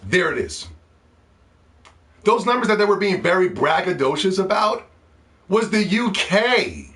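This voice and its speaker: A man delivering a loud, profane, mocking rant as a gaming commentator. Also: high voice, big pitch swings, a little slow. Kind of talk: ranting video commentary.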